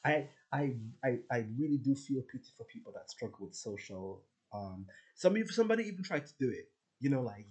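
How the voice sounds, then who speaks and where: A man's voice: mid-range voice, sing-song, fairly quick, darkish tone, rough recording. A man venting to his viewers in a rambling, profane personal rant, full of restarts. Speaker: vlogger.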